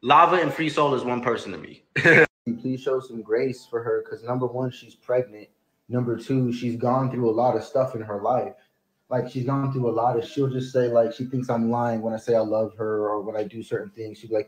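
A man giving a rambling, emotional confessional rant, now and then rising into shouted outbursts. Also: mid-range voice, steady tone, moderate pace. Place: home, near a shower. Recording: echoey room.

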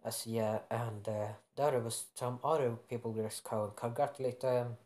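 A young man makes up a fan story aloud, stopping to correct himself and filling gaps with hesitations. His voice sits at a middle pitch, unremarkable and conversational. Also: fairly even intonation, moderate pace, darkish tone. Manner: rambling, self-correcting, many fillers. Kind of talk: improvised fan-fiction narration.

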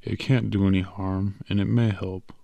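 A man reading an audiobook, voicing a patient, cheerful little male stranger with quick, coaxing salesman patter. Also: low-pitched, flat delivery, vocal fry, dry recording, muffled recording.

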